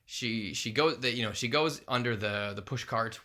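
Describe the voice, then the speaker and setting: A man co-hosting a relaxed podcast, talking through a cartoon episode with a bright, forceful tone. He slips into quick impressions of the characters as he retells scenes. His pitch sits in an ordinary male range. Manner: chatty, keeps acting out scenes in quick voices. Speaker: podcast co-host. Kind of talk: casual chat recapping a cartoon episode.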